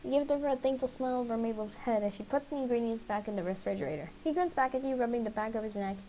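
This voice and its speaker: A woman streamer who reads a dating game aloud quickly, a bit out of breath and poking fun at herself. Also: on the high side, warm tone, a little hiss or hum, poor audio. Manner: fast, self-mocking reading. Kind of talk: game dialogue read-along.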